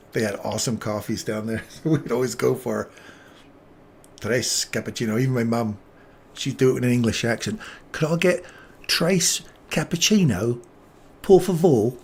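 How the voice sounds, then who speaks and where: A man's voice: medium pitch, creaky, a little mellow, a little hiss or hum. Chatty man hosting a live stream. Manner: chatty, jokey, greets viewers by name. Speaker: trading stream host. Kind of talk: casual live-stream chat.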